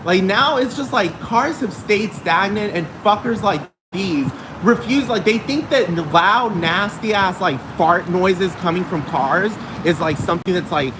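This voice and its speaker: A man hosts a one-man podcast outdoors near a road, ranting casually with lots of profanity and constant "like" fillers in a rambling monologue. His high voice is unhurried, with hardly any pauses. Loud traffic from passing cars runs underneath.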